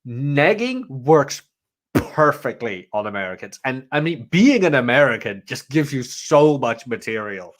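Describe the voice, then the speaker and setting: A man's voice: mid-range voice, very animated, unhurried. Brash man. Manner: brash, boastful, slangy. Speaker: podcast co-host. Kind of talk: casual chat.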